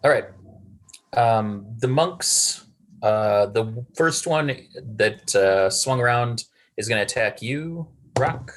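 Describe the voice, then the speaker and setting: A man's voice: mid-range voice, lively intonation, slow. Casual game master man, loose narration. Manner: loose, casual, with many fillers.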